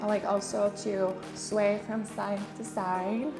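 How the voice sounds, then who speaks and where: A woman's voice: mid-range voice, little pitch movement, slow pace, over music. A young woman talking casually to the camera about her workout in a home garage gym, chatty, with fillers and small laughs. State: out of breath at times. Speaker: fitness vlogger.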